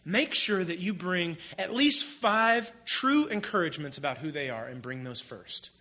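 A man preaching a sermon in a casual, storytelling way, with animated emphasis. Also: sits high, normal speed. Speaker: pastor. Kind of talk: conversational sermon.

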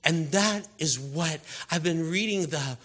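Male preacher, husky and forceful, fervent sermon, from quiet murmurs to loud pleas. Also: a little high, unhurried. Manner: impassioned, swings from hushed to loud exhortation.

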